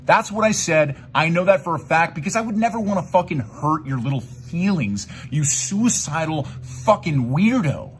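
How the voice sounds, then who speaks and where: A man's voice: sits high, a little hiss or hum. A young man delivering an angry, profane rant at someone, mocking him and calling him "dude" again and again. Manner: heated, profane, mocking, repeatedly says "dude". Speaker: YouTuber responding to a video.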